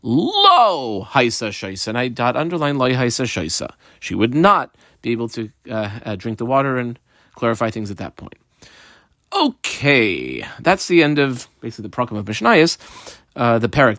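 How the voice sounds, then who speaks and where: A man's voice: mid-range voice, big pitch swings, normal speed, a bit bright, no echo. A man teaching a study lesson, reading each line of the text aloud and then explaining it step by step. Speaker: Talmud teacher.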